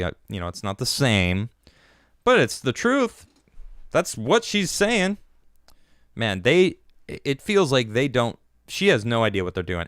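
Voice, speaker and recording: Male commentary host, sarcastic ranting monologue, fairly high and very animated in pitch. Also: no echo, studio quality. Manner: sarcastic, mocking rant. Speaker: podcast host.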